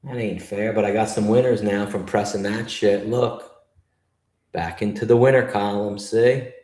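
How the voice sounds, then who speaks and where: A man's voice: lowish voice, steady tone, moderate pace, a little mellow, roomy sound. A man from New York hosting a live trading stream, griping and swearing as he talks to his chat. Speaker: livestream trader host.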